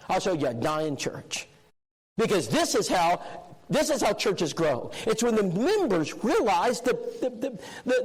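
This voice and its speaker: Brief: male preacher, animated storyteller, high and highly expressive voice. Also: rough recording. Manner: animated storyteller, acting out dialogue. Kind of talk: storytelling sermon lesson. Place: church, addressing a congregation.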